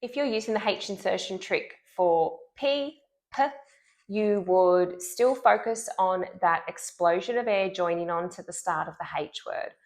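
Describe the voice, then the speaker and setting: A woman speech pathologist giving an instructional lesson, clearly and deliberately modeling speech sounds. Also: mid-range voice.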